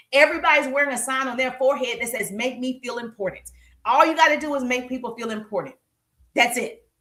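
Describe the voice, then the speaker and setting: A woman coaching sales on a live stream, energetic and repetitive, laughing often. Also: high voice, reverberant. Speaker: social media sales coach.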